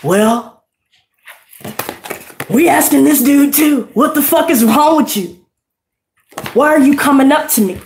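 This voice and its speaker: A woman's voice: sits high, a little slow, pauses often, darkish tone, roomy sound. A woman giving a tarot reading, ranting bluntly and heatedly with lots of profanity. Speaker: tarot reader. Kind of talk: unscripted tarot reading rant.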